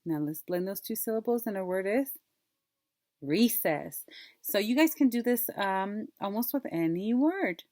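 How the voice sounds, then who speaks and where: A woman teacher leading a phonics lesson for young children, modeling words slowly and clearly and asking them to repeat. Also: mid-range voice, expressive, mellow, no echo, clean studio sound. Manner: slow, clear, drawn-out word modeling with repeat prompts.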